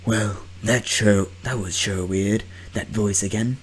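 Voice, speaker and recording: A man reading a visual novel aloud with joking commentary, playful and animated, sometimes sinking to a whisper for the eerie lines. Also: on the low side, takes it slowly, hardly any pauses, slight background noise. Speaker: YouTuber.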